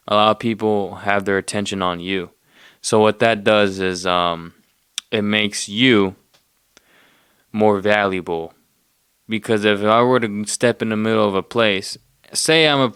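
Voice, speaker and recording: Low-voiced male podcast host with a smooth tone, dry close sound, and casual profane rambling. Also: fairly bright tone, dry recording. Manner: loose, profane, loses his train of thought.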